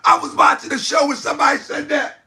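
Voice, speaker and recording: A man's voice: extremely high pitch, flat delivery, fast, noisy background. A man hosting a livestream commentary show, talking to his viewers, exclaiming and laughing often. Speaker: host of an online talk channel.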